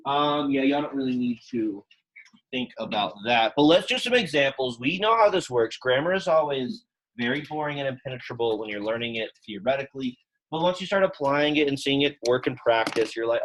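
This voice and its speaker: A man's voice: medium pitch, a little fast, a bit bright, poor audio. A young man teaching a Latin class, speaking casually and quizzing his students with questions. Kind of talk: classroom lecture.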